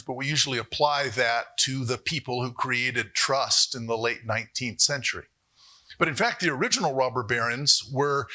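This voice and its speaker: A man giving a university economics lecture, animated, with jokey asides and rhetorical questions to the audience. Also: medium pitch. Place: lecture hall.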